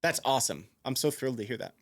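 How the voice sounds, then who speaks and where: A man live-streams from his piano, chatting casually, reading viewers' messages aloud, musing, laughing, and humming to himself as he thinks them over. His medium-pitched voice is gravelly, with lively intonation and a quick pace. Soft music plays in the background.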